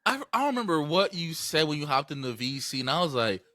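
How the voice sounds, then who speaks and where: A man's voice: fairly high pitch, very animated, fast talker, bright, forceful tone, no echo, clean studio sound. A young man hosting a podcast, talking in loose slang, laughing and swearing in casual chat. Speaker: podcast host.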